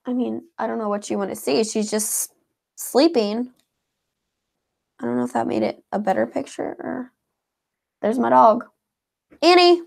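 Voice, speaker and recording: Woman co-hosting, reads viewer comments, lots of like and um, bit of a gravelly fry in her voice. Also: a little high, fairly even intonation, moderate pace, long pauses, darkish tone. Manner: chatty, heavy on filler words like "like" and "um". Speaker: co-host reading viewer comments. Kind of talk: casual live chat.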